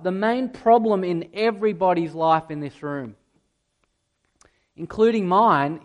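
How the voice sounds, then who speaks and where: A man preaching a sermon to a congregation, swinging from loud emphatic peaks to quiet, intimate asides. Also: high-pitched. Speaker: pastor. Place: church hall with a live congregation.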